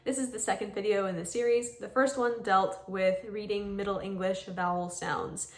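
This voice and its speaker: A young adult woman giving a video language lesson, patiently explaining and repeating sounds slowly so learners can follow. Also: mid-range voice, steady tone. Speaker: language teacher.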